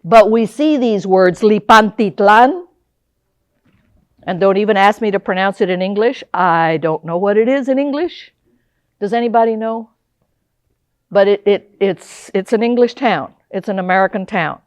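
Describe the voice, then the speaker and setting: An older woman giving a lively history lecture, often putting questions to the audience. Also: mid-range voice, moderate pace, dry recording. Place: lecture hall.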